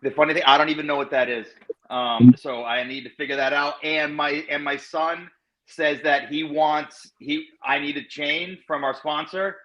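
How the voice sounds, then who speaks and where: A man's voice: on the high side, fairly even intonation, moderate pace, a bit bright. Easygoing man on dull call audio. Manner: easygoing, jokey, self-deprecating. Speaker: podcast co-host. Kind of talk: casual sports podcast chat.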